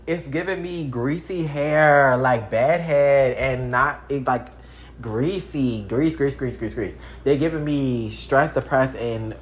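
Here's a roughly thirty-year-old vlogger from Texas, chatting loosely on camera with lots of swearing and energy. The voice jumps dramatically in both loudness and pitch.

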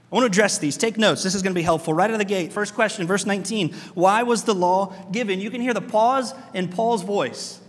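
A man pastor preaching a sermon in a church, animated, asking his congregation rhetorical questions. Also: high-pitched, fairly quick, in a large hall.

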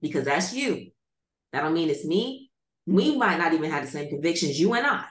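A woman's voice: deep voice, very animated, brisk. Blunt woman on an echoey podcast. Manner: blunt, opinionated. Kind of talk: casual chat. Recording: echoey room.

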